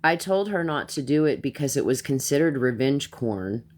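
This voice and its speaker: A woman's voice: a bass voice, animated, normal speed, darkish tone. A woman streaming a heated live rant, blunt and profane, who repeats herself as she gets worked up.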